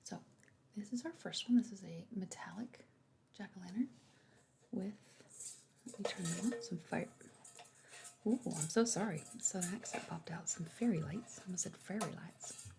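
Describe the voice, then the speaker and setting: A woman voicing an attentive female party planner in a whispered role-play, softly reassuring as she shows decorations. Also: fairly low pitch, normal speed, vocal fry, pauses often. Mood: gentle. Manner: soft, reassuring sales talk.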